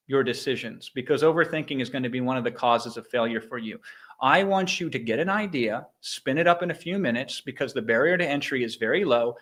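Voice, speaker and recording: A middle-aged American man giving an energetic motivational business talk, emphatic and animated. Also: mid-range voice. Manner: animated, emphatic, mimics sound effects. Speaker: guest speaker on a live business training.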